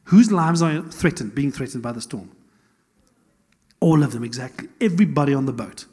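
Animated preacher in a hall. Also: male voice, mid-range voice, moderate pace, slightly rough. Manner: animated, conversational preaching with laughs and asides. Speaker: pastor. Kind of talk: sermon. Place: church hall. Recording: long church hall reverb.

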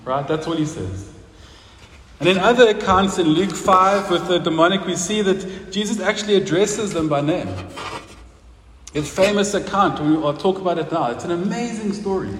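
A man's voice: sits high, moderate pace, fairly bright tone. A man preaching a sermon in a church hall, talking conversationally and putting questions to the congregation. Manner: conversational, asks the congregation questions, laughs at own stories. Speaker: pastor. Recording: roomy hall with long reverb, faint noise.

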